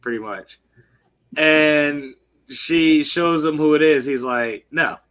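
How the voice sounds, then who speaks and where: A man co-hosting a casual podcast, retelling a show's plot in a loose, profane, filler-heavy way. His voice sits high and bright, and he talks at an unhurried pace. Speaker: podcast co-host. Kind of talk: casual chat recapping a TV show.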